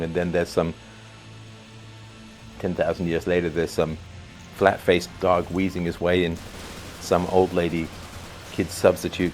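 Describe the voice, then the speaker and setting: Deep-voiced man musing over faint music. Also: little pitch movement, unhurried, long pauses. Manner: conversational and musing, with many fillers and rhetorical "right?". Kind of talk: unscripted spoken commentary.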